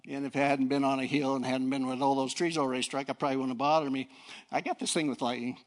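A middle-aged male preacher giving a folksy sermon, swinging from low talk to fiery shouting. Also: flat delivery, fast. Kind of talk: sermon with personal story.

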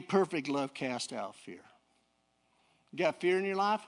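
A middle-aged male preacher giving a folksy sermon, swinging from low talk to fiery shouting. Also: lively intonation, moderate pace, gravelly, long pauses. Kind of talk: sermon with personal story.

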